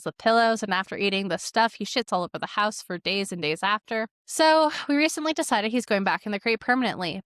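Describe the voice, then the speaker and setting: Reading stories from online posts, a young dog trainer and podcast host chats and reacts with amused asides and frequent use of "like." She has a medium-pitched, fairly bright voice, captured in a dry, clean studio recording.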